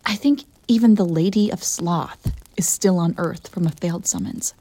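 A woman's voice: on the low side, animated, normal speed, warm tone, husky. A woman voicing a proud, bored, centuries-old female succubus in an audio role-play for the listener, haughty and theatrical. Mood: grumbling. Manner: haughty and theatrical, defensive when pressed.

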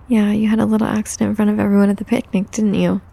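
A young adult woman in a whispered role-play, speaking in a soft, coaxing caretaker's tone. Her voice is mellow and husky with a low gravel of fry. She keeps her pitch flat and even throughout. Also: fast talker. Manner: soothing, coaxing caretaker talk, mostly soft and close.

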